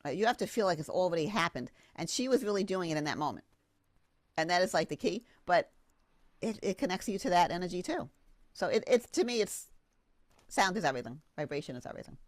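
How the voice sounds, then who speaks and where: A woman, a sound therapist guesting on a podcast, telling a story in an enthusiastic, expressive, rambling way. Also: lowish voice, fast talker, dry recording. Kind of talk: animated storytelling.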